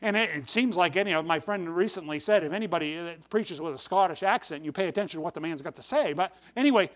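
A man's voice: sits high, fast talker. A man preaching a folksy sermon to his congregation, with sudden emphatic bursts on key words. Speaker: pastor.

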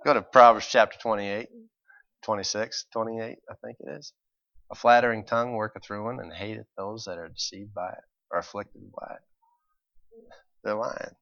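A man preaching a sermon, moving between quiet, conversational asides and loud, emphatic points with mock voices. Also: fairly low pitch, steady tone, normal speed, no echo, dull audio.

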